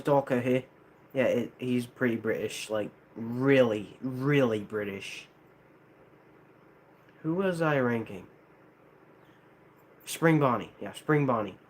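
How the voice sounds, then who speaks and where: A young American man streaming to a live chat rambles casually in a mid-range voice. He sounds hesitant and restarts often, with slight background noise behind him.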